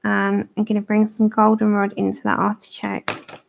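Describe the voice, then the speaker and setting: A woman's voice: mid-range voice, monotone, moderate pace, creaky, lo-fi sound, slight background noise. A woman with a London accent hosting a colouring livestream, chatting with viewers and talking them through each step as she works. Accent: London English.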